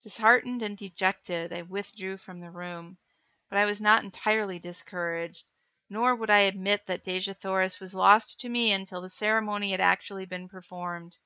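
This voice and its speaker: A woman reads a classic adventure novel aloud, giving each line of dialogue its own expression. Her voice is bright and forward. The recording is close and dry, with a slightly dull, muffled tone. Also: mid-range voice, steady tone, normal speed, clean tone, no echo. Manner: reads dialogue expressively, joking asides between passages. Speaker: reader of a novel. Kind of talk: live-streamed audiobook reading.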